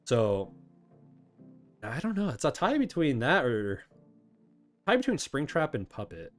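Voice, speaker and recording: A man's voice: medium pitch, huge pitch swings, unhurried, faint music behind. A man hosting a casual chat, answering viewer questions in a rambling, self-correcting way and laughing often.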